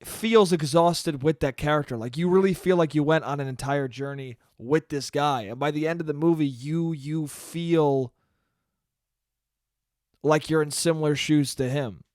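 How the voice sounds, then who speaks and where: Recording on camera in a small room, this young podcast host delivers animated, profane rants alone, acting out conversations and imitating people in quoted asides. His voice is a little high and his pace moderate, with studio quality and no room sound.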